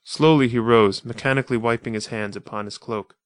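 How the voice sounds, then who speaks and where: A man reading an adventure story aloud in a measured, atmospheric manner. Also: medium pitch, fairly even intonation, dry recording, studio quality. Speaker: audiobook narrator. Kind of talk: scripted narration of a pulp adventure story.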